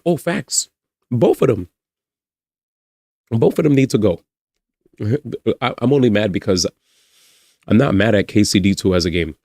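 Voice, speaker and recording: A young man streams live in a fairly low voice at normal speed, leaving long pauses as he chats casually with viewers. Animated, he laughs often, swears while reacting, and talks back to chat. The studio-quality audio has no echo.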